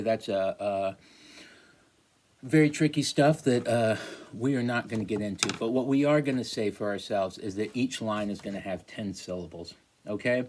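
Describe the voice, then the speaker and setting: A man lecturing a class, halting, with many fillers and restarts. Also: on the low side, slight background noise. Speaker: teacher.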